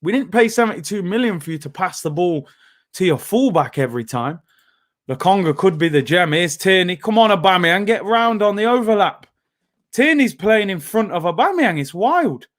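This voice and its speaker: A young man hosting a live football watchalong, reacting loudly to the play and then talking himself back down. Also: sits high, normal speed. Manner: excitable, shouts at big moments, then calms himself down. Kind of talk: live match watchalong commentary.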